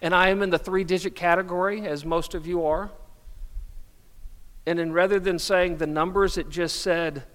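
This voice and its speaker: High-voiced middle-aged preacher in a hall. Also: male voice, steady tone, normal speed, fairly bright tone. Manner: storytelling, self-deprecating humor. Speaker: pastor. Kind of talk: sermon. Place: church sanctuary.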